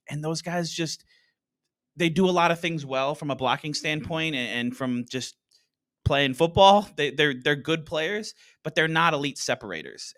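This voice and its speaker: Bright-voiced analytical sports panelist man. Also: mid-range voice, no echo, studio quality. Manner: analytical, restarts often. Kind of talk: casual podcast round table.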